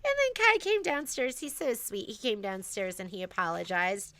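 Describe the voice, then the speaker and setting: A woman's voice: medium pitch, lively intonation, moderate pace, sharp tone, no echo. A woman hosting a casual store livestream, chatting in a rambling way with lots of fillers and restarts.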